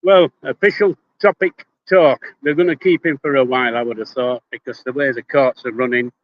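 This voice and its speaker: A man's voice: mid-range voice, fairly even intonation, fairly quick, muffled recording, slight background noise. An older man with a Yorkshire accent chatting casually on a phone livestream, blunt and prone to swearing, greeting viewers by name. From Yorkshire, England. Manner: blunt, swears casually, speaks before thinking. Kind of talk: casual live-stream chat. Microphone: phone held in hand.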